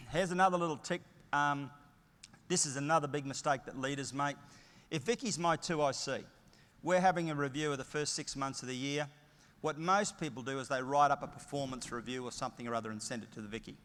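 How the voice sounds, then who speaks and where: Long reverb from a large conference hall surrounds a middle-aged Australian man's emphatic motivational keynote, told through stories and punchy short phrases. His mid-range, fairly bright voice moves a little fast.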